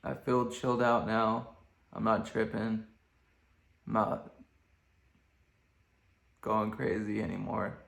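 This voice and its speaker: Laid-back young man with a gravelly voice. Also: fairly low pitch, flat delivery, slow, long pauses, fairly bright tone. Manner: laid-back, rambling, lots of fillers. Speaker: vlogger. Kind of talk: casual storytelling. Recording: echoey room.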